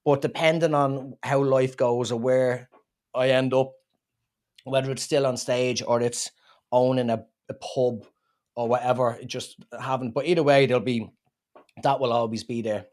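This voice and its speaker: A man with an Irish accent, a comedian chatting in an interview and telling rambling, animated stories. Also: medium pitch, moderate pace. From Ireland. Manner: rambling, animated storytelling with acted-out quotes. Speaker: comedian guest. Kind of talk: casual interview chat.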